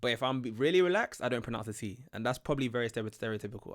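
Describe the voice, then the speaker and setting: A man's voice: mid-range voice, wildly swooping pitch, very fast, hardly any pauses. A young British man with a British accent, chatting and joking as he reacts to a video. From Britain. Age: young adult. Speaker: reaction channel host. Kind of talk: casual reaction commentary.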